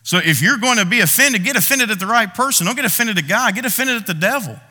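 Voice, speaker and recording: A man preaching in a large church, his high, very bright voice ringing through a long hall reverb. He acts out people's prayers and complaints with dramatic pauses. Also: lively intonation. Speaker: pastor. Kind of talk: sermon.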